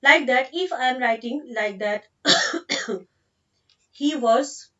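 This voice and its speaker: High-voiced Indian woman teaching grammar. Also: expressive, takes it slowly, bright, forceful tone, recorded from a distance, muffled recording. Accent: Indian English. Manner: explains patiently, repeats sentences, mixes in Hindi. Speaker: English teacher. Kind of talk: online grammar lesson.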